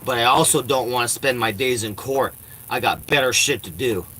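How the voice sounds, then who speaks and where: A man's voice: medium pitch, moderate pace, pushed and bright, a little hiss or hum, poor audio. A man vlogging casually from his RV. He talks bluntly and swears often. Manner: blunt, profane, talks to his cats in baby talk. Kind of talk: casual rambling vlog. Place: inside an RV.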